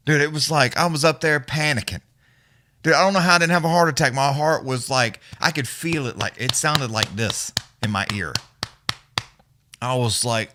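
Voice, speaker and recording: Hosting a fight watch-along stream, a man with a medium-pitched, expressive and sharp-toned voice talks at normal speed, spinning rambling, foul-mouthed stories and chuckling. The audio is studio quality with no echo.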